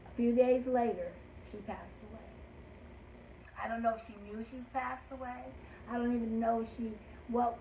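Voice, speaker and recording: Older woman host, gentle and heartfelt, fairly high voice, roomy echo. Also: slight background noise. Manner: gentle, heartfelt, trailing off softly. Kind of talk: storytelling and rhymes for children.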